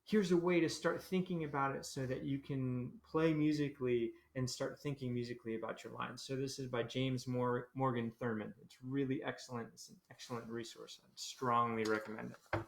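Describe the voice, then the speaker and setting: A man leading a livestreamed conducting lesson, explaining the score, singing rhythms on syllables and greeting viewers. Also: mid-range voice. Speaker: military band conductor. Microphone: computer camera mic. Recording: roomy echo.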